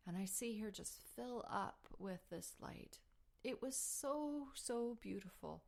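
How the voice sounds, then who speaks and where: A woman hosting a spiritual healing show, telling a personal story in an earnest, heartfelt way, sometimes dropping to a soft whisper. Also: fairly high pitch, animated, slow, vocal fry. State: emotional while telling the story. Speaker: spiritual healing podcast host.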